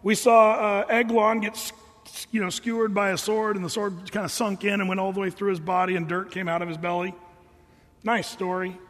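A man's voice: sits high, brisk. A man preaching a sermon, telling stories casually and acting out the voices of the people in them. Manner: casual, animated storytelling with voiced quotes. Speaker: pastor. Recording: reverberant hall.

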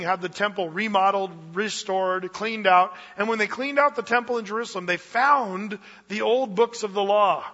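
A man preaching with a high, bright, ringing voice and an easygoing, playful delivery. His sermon carries a long hall reverb on a dull, lo-fi recording. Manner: lively, conversational preaching with playful asides. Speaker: pastor.

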